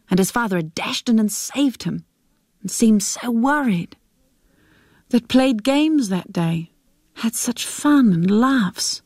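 A woman reading a short story aloud as narrator, in a measured, steady way. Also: mid-range voice, no room sound, clean studio sound.

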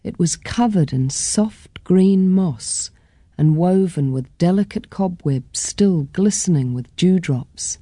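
A woman reading a children's story aloud in a gentle, expressive way. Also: on the low side, slow, no room sound, clean studio sound. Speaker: storybook reader.

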